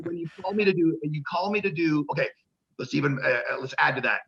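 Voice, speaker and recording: Gravelly, bright-voiced man telling stories. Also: a little high, fast talker, dull audio. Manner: profane, rambling, acts out quoted voices. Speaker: guest, pro wrestler. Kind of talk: casual storytelling interview.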